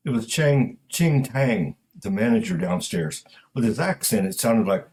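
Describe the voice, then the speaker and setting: A man narrating a detective story in a steady, matter-of-fact way. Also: fairly low pitch, moderate pace, few pauses, rough recording.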